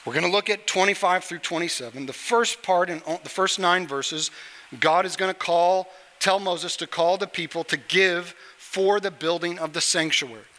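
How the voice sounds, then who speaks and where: Joking pastor preaching in an echoing hall. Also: male voice, sits high, moderate pace, pushed and bright. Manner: conversational, joking with the congregation. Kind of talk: sermon. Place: church sanctuary on stage.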